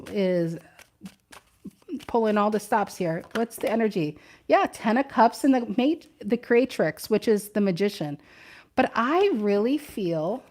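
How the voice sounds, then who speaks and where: A woman does a casual tarot reading, chatting and thinking aloud and often repeating her questions to the cards. Her voice is fairly high and a little mellow.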